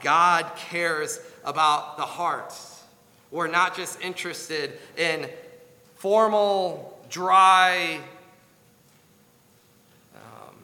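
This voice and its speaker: A man preaching a sermon in an earnest, pleading way, slowing down to stress key words. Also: fairly high pitch, sharp tone, big-room sound. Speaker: pastor.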